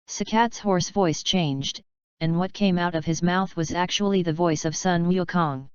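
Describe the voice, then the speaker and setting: Woman audiobook narrator, smooth clear voice, dull lo-fi recording. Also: on the low side, fairly even intonation, moderate pace, dry recording. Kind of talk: audiobook reading.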